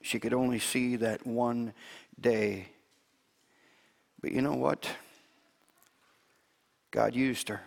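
A male pastor giving a conversational sermon and reading scripture, slowing down to stress his points. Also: mid-range voice, fairly even intonation, gravelly. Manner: conversational preaching, slowing down for emphasis. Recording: long reverb in a large hall.

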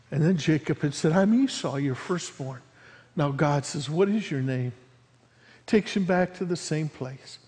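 A high-pitched man preaches, acting out the figures of the story as he goes. His delivery swings from ringing emphasis down to near-hushed lines. A long reverb trails every phrase, as in a big hall. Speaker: pastor. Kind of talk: sermon.

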